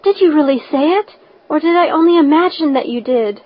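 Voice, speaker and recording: Woman doing a high, breathless orphan girl. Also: brisk, natural voice. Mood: breathless hope. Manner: breathless, pleading, gushing. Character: excitable imaginative orphan girl, eager and breathless. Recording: dull lo-fi recording.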